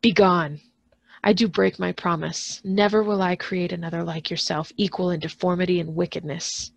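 A woman's voice: fairly low pitch, flat delivery, brisk, creaky, dry recording. A woman doing a furious, defiant young scientist.

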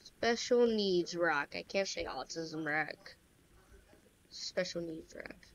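Woman doing chill game commentary, kinda low voice, slow and dry, lots of mumbly side comments. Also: lively intonation, a little hiss or hum. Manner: offhand, wry, muttering asides. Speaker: gaming commentator. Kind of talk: casual gameplay commentary.

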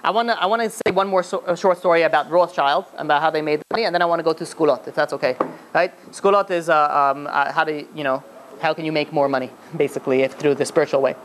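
A man's voice: a little high, fast, fairly bright tone, slight background noise. A man, a rabbi, telling a story in a lecture, with many restarts and fillers.

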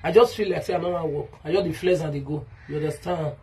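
A woman's voice: deep voice, quick pace, dark tone, slightly rough. A woman with a Nigerian Pidgin accent ranting in a vlog monologue, heated and repetitive as she calls someone out by name. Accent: Nigerian Pidgin English. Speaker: vlogger.

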